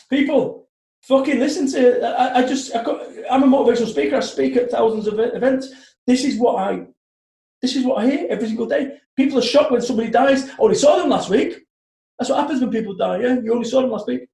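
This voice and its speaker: A man's voice: very high-pitched, quick pace, gravelly. Swearing, blunt man, echoey room. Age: 40s. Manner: blunt, heavily profane, animated storytelling. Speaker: guest, motivational speaker. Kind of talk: casual podcast chat.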